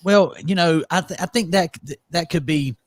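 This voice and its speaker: A man's voice: a little high, moderate pace, no room sound. Dry-miked man host, candid. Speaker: podcast host, former dealership manager. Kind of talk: casual podcast chat.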